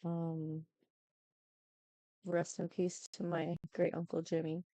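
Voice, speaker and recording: A woman talking to camera in a casual update, halting and subdued with many ums, close to tears. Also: on the low side, completely flat delivery, mellow, dry recording, poor audio. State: tearful, close to crying. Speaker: YouTuber giving an update.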